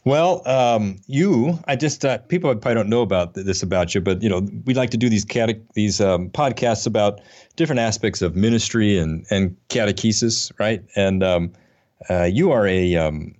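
Rambling low-voiced podcast host. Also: male voice, normal speed, a little mellow, lo-fi sound. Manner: rambling, self-deprecating, many fillers and restarts. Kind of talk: casual conversational podcast. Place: Atlanta area.

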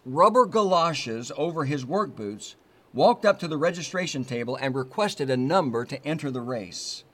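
A man preaching a sermon from the United States, earnest and measured, stressing key words and repeating phrases for emphasis. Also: on the high side. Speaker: pastor.

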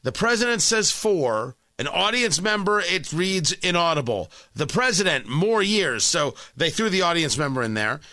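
Man, sarcastic political monologue, high lively voice, bright, dry close sound. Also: normal speed, few pauses, no echo. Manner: sarcastic, indignant, mocking voices. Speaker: political commentator. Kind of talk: opinion monologue.

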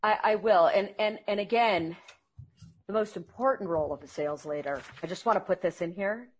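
A woman who trains salespeople, speaking as an interview guest and telling earnest, animated stories. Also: medium pitch, fairly quick, breathy edge.

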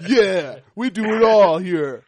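A man putting on a cocky, loud Italian-style car-makeover host in a joking podcast bit. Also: expressive, takes it slowly, dry recording, heavily acted. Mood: boastful. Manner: loud, cocky, boastful pitch.

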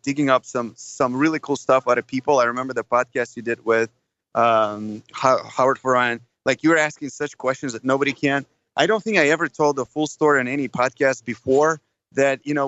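A man's voice: mid-range voice, fairly bright tone, no room sound, highs cut off. A man in his thirties from Russia with a Russian accent, a podcast guest talking eagerly and rambling with many restarts, calling in from an airport. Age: 30s. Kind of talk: casual interview. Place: airport, background noise.

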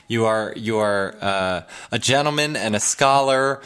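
A man's voice: fairly low pitch, a little slow, fairly bright tone, clean tone. A man co-hosting a podcast in a playful, rambling casual chat. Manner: playful, rambling, with restarts and jokes. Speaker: podcast co-host.

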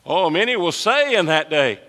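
A pastor preaching a sermon to his congregation. His voice rises and drops sharply in pitch and volume as he presses his points. The sound carries the long reverb of a large church sanctuary. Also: big pitch swings, normal speed, sharp tone. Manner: emphatic preaching with wide swings in pitch and volume.

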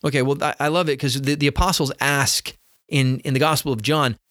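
A man's voice: medium pitch, steady tone, fairly quick, fairly bright tone, dry recording, clean studio sound. A middle-aged man giving an earnest sermon-style teaching, often repeating words as he starts phrases. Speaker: teacher of faith.

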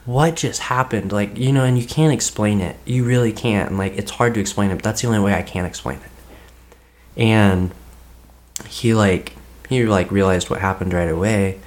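A man's voice: on the low side, normal speed. A young man, a podcast guest, telling a personal story in a rambling, casual way, filling his speech with "like.". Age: young adult. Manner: rambling, heavy use of "like" as filler.

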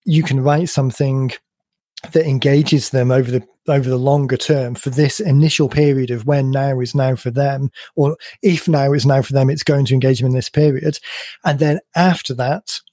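A man hosting a podcast, explaining his points at length in an emphatic conversational way, his voice a little croaky. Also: medium pitch, steady tone, moderate pace, mellow, no room sound, clean studio sound. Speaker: podcast host.

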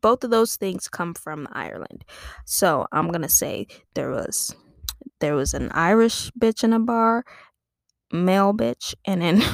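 On a podcast, a woman comedian rambles through a silly made-up story, giggling and amused at herself. Her fairly low voice has a creaky texture. The sound is dry and clean, like a studio.

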